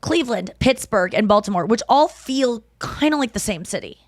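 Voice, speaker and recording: A woman in her thirties hosts a casual podcast chat, telling stories with raw feeling. She swears freely and bursts into loud acted quotes. Her voice sounds dry and close to the mic. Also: fairly high pitch, lively intonation, a little fast, dry recording. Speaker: podcast host.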